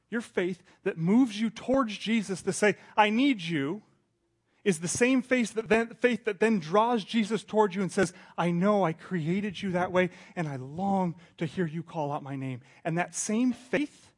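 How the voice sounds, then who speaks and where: A man in his thirties preaches with a slightly raised pitch, talking to his congregation as if in conversation. He drops to near-whispers, then climbs loud and high, often restarting his sentences. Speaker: pastor. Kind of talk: sermon.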